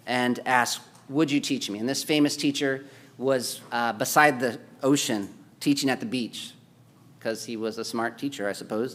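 A man preaching a sermon, swinging between loud, pressing exhortation and quiet, low-key storytelling. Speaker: pastor.

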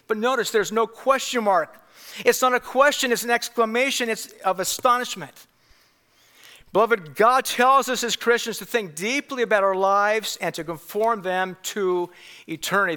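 A man's voice: high-pitched, sharp tone. A man preaching a sermon, emphatic and repeating key phrases for weight. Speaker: pastor.

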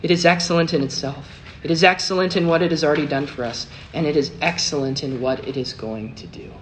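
A man preaching a sermon, telling a story with big swings between hushed and emphatic delivery. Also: a little high, fairly even intonation, quick pace. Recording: noisy recording with clicks.

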